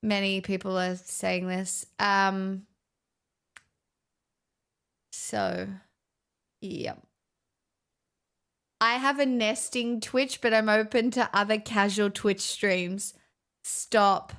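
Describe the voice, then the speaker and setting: A woman's voice: medium pitch, extremely slow, long pauses, a bit bright, clean tone. A woman streamer chatting live with her viewers in a dry, teasing way.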